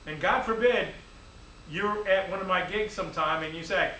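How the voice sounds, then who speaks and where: A man, a music teacher, giving a lively, playful classroom lecture full of demonstrations. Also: sits high, normal speed. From United States. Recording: echoey room, distant mic, faint ambience.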